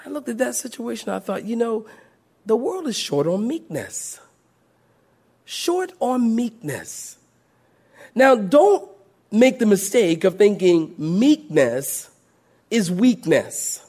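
A middle-aged male pastor delivers a sermon in a fairly high voice. He tells stories with a lot of motion, sinking to a soft, low murmur before climbing back up to loud, raised lines. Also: very animated, takes it slowly, breathy edge.

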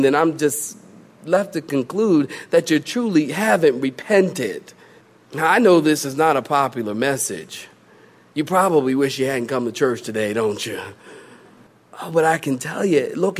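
Male pastor, fairly high voice, animated sermon delivery with playful humor mixed into emphatic points. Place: church.

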